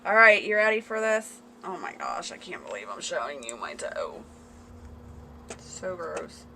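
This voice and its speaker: A woman's voice: on the low side, big pitch swings, moderate pace, background noise. A woman chatting casually on a home livestream, laughing and reading viewer comments aloud. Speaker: livestream host. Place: home, indoors. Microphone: phone camera.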